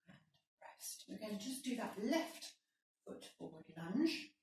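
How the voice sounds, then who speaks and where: A woman's voice: medium pitch, big pitch swings, measured pace, darkish tone, heavy reverb, distant mic, a little hiss or hum, rough recording. A woman leading a workout, giving encouraging step-by-step instructions and counting reps, a little out of breath. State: slightly out of breath. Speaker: fitness instructor.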